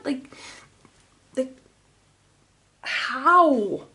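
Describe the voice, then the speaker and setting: A woman's voice: mid-range voice, slow. A woman giving a casual tarot reading, dreamy and rambling with sighs. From Finland. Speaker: tarot reader.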